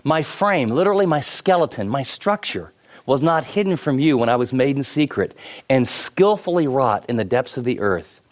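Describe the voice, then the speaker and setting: A middle-aged man preaching a sermon, telling stories with many asides and shifting between lively and hushed delivery. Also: medium pitch, moderate pace. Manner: animated storytelling with many asides. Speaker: pastor.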